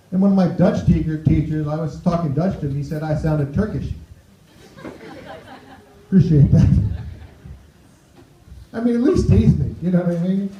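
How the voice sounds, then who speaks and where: A man performing a stand-up set on a club stage, chatty, tossing asides to the crowd. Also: sits high. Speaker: stand-up comedian. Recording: roomy, dull club recording.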